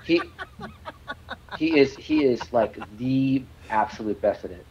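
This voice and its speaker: A man's voice: mid-range voice, animated, unhurried, a little mellow, muffled recording, a little hiss or hum. A man guest telling rambling stories in a casual interview, stammering, restarting and swearing freely. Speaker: musician guest.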